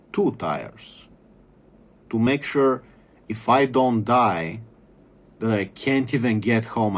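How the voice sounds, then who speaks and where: A man delivering an angry, profane vlog rant, bitter and repeating phrases for emphasis. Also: fairly low pitch. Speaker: vlogger. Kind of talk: angry ranting monologue.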